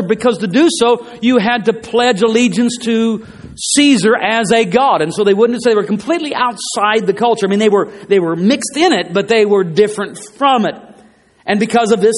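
A man preaching a sermon in an emphatic way, repeating his phrases for stress, in a church. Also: sits high. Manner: emphatic, repeats phrases, rising and falling delivery. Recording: long hall reverb.

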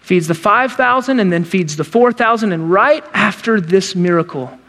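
A middle-aged man preaching a sermon as a pastor, telling the story in an animated way and acting out the quotes in character voices. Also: high-pitched, moderate pace. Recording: long hall reverb.

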